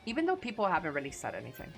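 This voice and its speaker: A woman's voice: low voice, wildly swooping pitch, rapid-fire, vocal fry, soft background music. A woman streamer with a Chicano English accent, chatting casually, blunt and profane.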